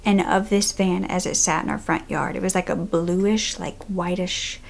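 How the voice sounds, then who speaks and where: This YouTuber's voice sits on the low side and is creaky, moving at a moderate pace. Facing the camera, the young woman casually and animatedly relates a true-crime tale from her childhood, hushing to a whisper at tense points.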